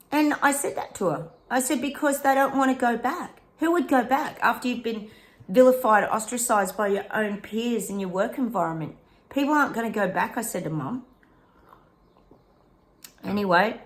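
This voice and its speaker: Frustrated middle-aged Australian woman ranting. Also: medium pitch. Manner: frustrated, venting, talks straight to her audience. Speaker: psychic vlogger. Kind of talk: casual rant to viewers.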